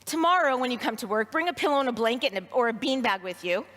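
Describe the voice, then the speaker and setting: A woman speaks at a quick pace, her voice on the high side and a bit bright, as she gives a personal story speech at a leadership training event and expressively acts out her inner voice. The large hall and audience lend the recording a reverberant quality.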